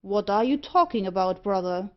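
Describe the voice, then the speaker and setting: A woman's voice: medium pitch, expressive, normal speed, highs cut off, close to an everyday voice. A woman reading aloud, voicing a stout middle-aged merchant who speaks urgently and mournfully.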